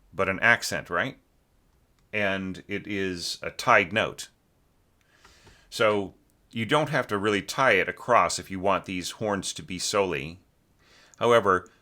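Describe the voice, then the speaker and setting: A man's voice: sits low, pushed and bright. A man teaching orchestration who talks through a student's score in a loose, conversational way, often with fillers, and sings phrases aloud to show how they should sound. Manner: sings musical phrases to illustrate, many fillers. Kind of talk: casual spoken critique.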